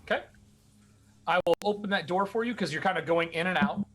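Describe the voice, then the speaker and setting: A man running a tabletop game as game master, animated and quick to laugh. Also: high voice.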